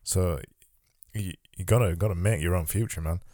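A man's voice: low-pitched, moderate pace, mellow, no room sound, clean studio sound. A man hosting a casual conversation, emphatic and repeating words as he starts sentences, a little worn in the voice. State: losing his voice. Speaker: podcast host.

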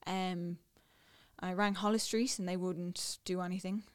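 A young woman with an Irish accent, casually telling a personal story, dropping to a hush and then getting excited. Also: lowish voice, measured pace, smooth. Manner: animated, swings between hushed and excited. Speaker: new mother telling her story.

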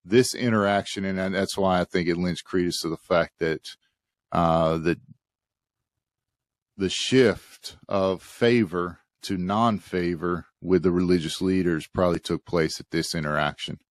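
A man hosting a Bible study podcast, talking thoughtfully with frequent pauses and fillers. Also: deep voice, fairly even intonation, no echo, clean studio sound. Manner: thoughtful, hesitant, many fillers. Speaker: podcast host.

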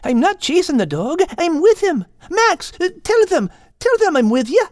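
A man's voice: extremely high pitch, big pitch swings, normal speed, no room sound, clean studio sound, voice pushed up. A man voicing a big, nervous male cat in an audiobook, hesitant and apologetic. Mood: pleading.

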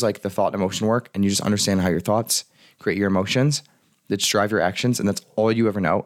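A male life and business coach delivers a solo podcast monologue in a lowish voice at a quick clip. He's casual and earnest and throws in the occasional swear word.

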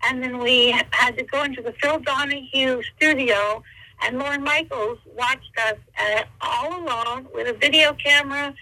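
A woman in her sixties telling stories as an interview guest by phone, animated and quick to slip into voices. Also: sits high, no echo, low-quality recording. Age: 60s. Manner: animated, slips into voices and quotes. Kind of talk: interview storytelling.

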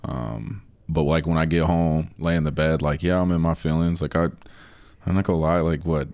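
A man with a very deep voice chats casually as a podcast guest. His talk rambles and is loaded with filler words. The recording is dry and close, with no room echo. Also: fairly even intonation, moderate pace, darkish tone. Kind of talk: casual chat.

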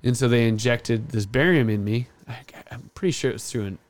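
Animated storytelling man. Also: mid-range voice, brisk. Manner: animated storyteller, acts out quotes loudly. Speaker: podcast host. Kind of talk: casual chat, storytelling.

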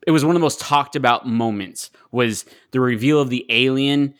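A man's voice: mid-range voice, normal speed, fairly bright tone. A man co-hosting a podcast in casual chat who laughs often, swears, and makes his case with rhetorical questions. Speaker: podcast co-host.

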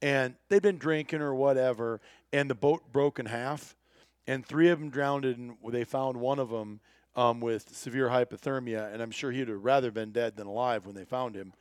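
A man's voice: medium pitch, moderate pace, clear, resonant tone, no room sound. A man telling a hunting trip story in casual chat, acting out the people he quotes. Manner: animated storyteller, acts out quoted voices.

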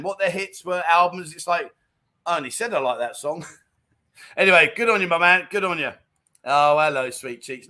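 A man's voice: sits high, pushed and bright. A man hosting a casual livestream, reading out viewer comments with jokey, self-mocking, chummy banter. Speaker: livestream host.

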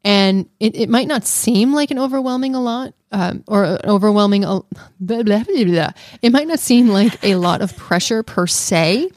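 Woman co-host, lively and playfully defensive, middle pitch, dry close recording. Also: moderate pace, hardly any pauses, no room sound. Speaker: podcast co-host. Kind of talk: casual podcast chat.

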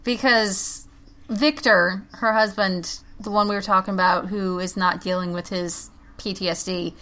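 A woman's voice: medium pitch, fairly even intonation, unhurried, bright, forceful tone, rough recording. A woman co-hosting a podcast, earnestly explaining a TV series in casual conversation. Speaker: podcast co-host. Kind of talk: casual chat reviewing a TV series.

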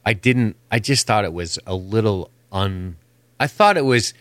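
A man's voice: fairly low pitch, expressive, measured pace, fairly bright tone, no room sound. A man co-hosting a podcast, chatting casually and opinionated, rambling and swearing freely. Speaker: podcast co-host. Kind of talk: casual chat.

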